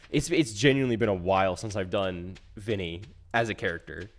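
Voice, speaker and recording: A man streaming a game live, talking casually in a rambling, self-interrupting way full of restarts, swinging from soft mumbles to loud outbursts. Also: lowish voice, a little fast, hardly any pauses. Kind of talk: casual live-stream chat while gaming.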